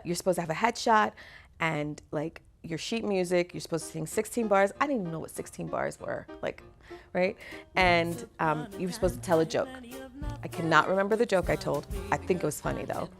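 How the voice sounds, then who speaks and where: A middle-aged woman, an actor and singer, telling stories from her career in an interview. She is animated, laughs often and acts out the voices of people in her stories. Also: on the low side, moderate pace, creaky, soft background music. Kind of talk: conversational interview storytelling.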